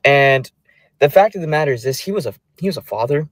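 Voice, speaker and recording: A man speaking in an emotional, indignant, deliberate way. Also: a little high, expressive, dry recording.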